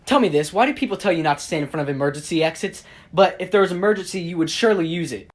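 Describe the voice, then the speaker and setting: A man's voice: high-pitched, very fast, over music, natural voice. A man voicing Marvin, a young man who earnestly asks odd, puzzled questions. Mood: curious.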